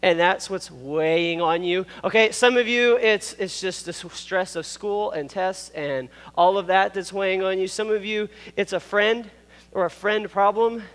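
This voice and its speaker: A pastor in his thirties, wearing a microphone, gives a casual, playful youth sermon from a church hall stage, full of asides and laughs. His voice is high and a bit bright, at a moderate pace, with a clean tone and a big-room sound.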